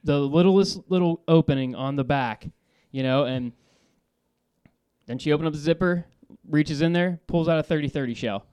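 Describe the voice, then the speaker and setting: A man calling in to a talk show, telling a story in a lively, laughing way, swearing and restarting his sentences. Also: fairly high pitch, moderate pace, smooth. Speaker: caller. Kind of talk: casual storytelling.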